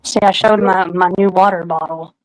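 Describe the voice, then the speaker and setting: A woman's voice: on the low side, fairly even intonation, normal speed, no echo, low-quality recording. A woman hosting a casual livestream chat, playful and stubborn, greeting viewers by name. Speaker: livestream host.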